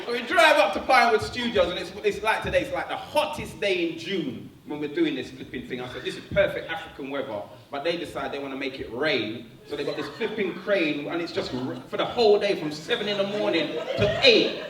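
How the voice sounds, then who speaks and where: A man telling a stand-up story, animated and slangy, laughing at his own jokes. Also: fairly high pitch, brisk. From London. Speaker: stand-up comedian. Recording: echoey room, distant mic, faint noise.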